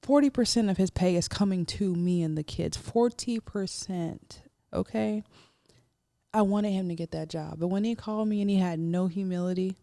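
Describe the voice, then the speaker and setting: A woman co-hosting a podcast, telling stories in a blunt, animated way and laughing often. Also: on the low side, normal speed, gravelly. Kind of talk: casual chat.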